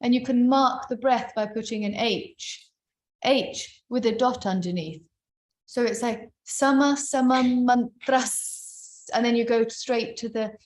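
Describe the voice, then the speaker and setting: A woman's voice: a little high, a little mellow, reverberant. A woman teaching Sanskrit chanting over a video call, explaining each phrase and then chanting or singing it. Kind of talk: online chant rehearsal teaching.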